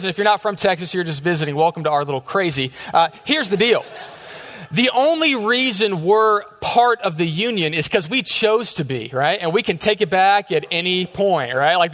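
Preaching in an echoey church sanctuary, a man in his thirties serving as youth pastor delivers his sermon as casual, joking storytelling. His voice is high-pitched and a bit bright.

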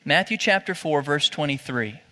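A man preaching from the pulpit with a bright, forceful and fairly high voice. He moves between easy, conversational talk and animated emphasis. The sound carries the long reverb of a church hall. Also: moderate pace. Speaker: pastor. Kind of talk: sermon. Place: church sanctuary.

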